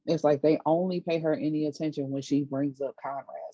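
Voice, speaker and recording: A woman's voice: sits low, fairly even intonation, brisk, mellow, no echo. A woman giving a casual, chatty TV episode recap, retelling scenes with lots of fillers. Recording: dull lo-fi dry recording.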